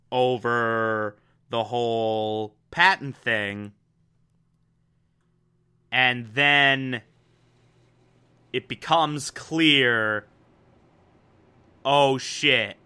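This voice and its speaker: A man giving an excitable, emphatic recap of a TV episode, laughing often and acting out the characters' lines. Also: mid-range voice, clean tone. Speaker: TV show reviewer. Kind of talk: casual recap commentary.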